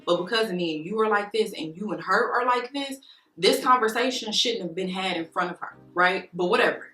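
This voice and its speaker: Woman vlogger, storytime rant, profane and emphatic, bright tense voice, roomy echo, faint music behind. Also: medium pitch, fairly quick. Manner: heated, profane, emphatic venting. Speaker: beauty vlogger. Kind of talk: storytime chat while doing makeup.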